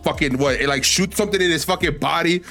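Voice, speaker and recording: Male co-host, casual and excitable, heavy swearing, faint background music. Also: a little high, quick pace. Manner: excitable, swears a lot, says "bro". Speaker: podcast co-host. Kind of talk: casual chat.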